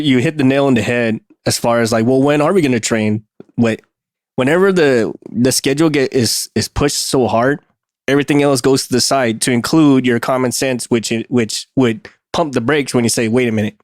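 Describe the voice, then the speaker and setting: A man's voice: mid-range voice, no room sound, studio quality. A man co-hosting a casual podcast, agreeing readily with short replies before reflecting at length. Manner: agreeable, chimes in with quick "right"s, then reflects at length. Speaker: podcast co-host. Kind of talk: casual conversation.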